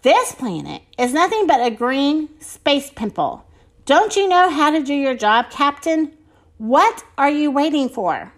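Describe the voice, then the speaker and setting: A woman's voice: high-pitched, sing-song, unhurried, pitched above the performer's own voice, exaggerated voice. A woman playing a scolding alien mother general. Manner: scolding and shouting.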